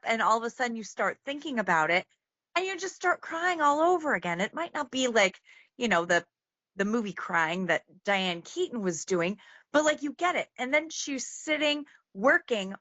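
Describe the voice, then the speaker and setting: Woman, podcast guest, earnest, rambling with fillers, fairly high voice, dry close sound. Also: sharp tone, no echo, dull audio. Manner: earnest, meandering, many fillers. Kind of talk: casual film discussion.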